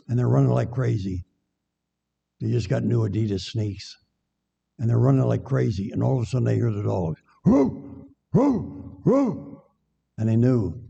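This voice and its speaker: A man's voice: medium pitch, gravelly, warm tone, slightly rough. An older man, a guest preacher giving a chatty, joking sermon and bantering with the congregation in a church sanctuary. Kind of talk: folksy sermon with jokes. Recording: dull echoey church recording.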